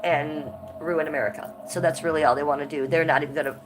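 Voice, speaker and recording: A woman's voice: deep voice, fairly even intonation, quick pace, noisy background. A woman hosting a casual livestream, blunt and profane, her voice stuffed up from a cold, with coughs between her lines. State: congested and coughing. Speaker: livestream host.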